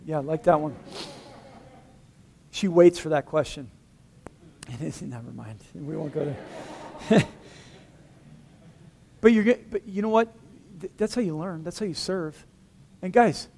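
A man preaching a sermon as pastor, in a lively, conversational way with humor, acting out dialogue in different voices. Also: high-pitched, vocal fry.

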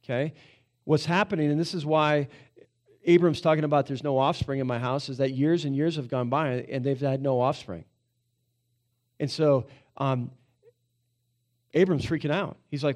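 A middle-aged man preaching a sermon in a casual, animated way, full of fillers and restarts. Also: fairly high pitch, normal speed, long pauses. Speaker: pastor.

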